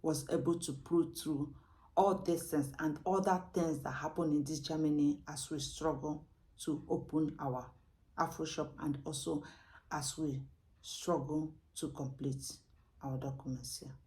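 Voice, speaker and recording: A woman with a Nigerian English accent telling a personal story in a vlog, emotional and animated, sometimes dropping to a whisper. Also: low-pitched, measured pace. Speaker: vlogger.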